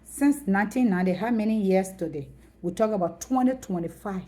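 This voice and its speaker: A middle-aged woman with a Liberian accent, ranting to her viewers in a loud, emphatic way, repeating her points. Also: medium pitch, fairly quick. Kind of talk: impassioned rant to camera.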